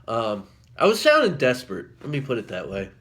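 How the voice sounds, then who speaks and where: A man's voice: mid-range voice, wildly swooping pitch, fairly quick, fairly bright tone. A man talking casually to camera in a vlog, rambling with lots of ums and self-corrections. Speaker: vlogger.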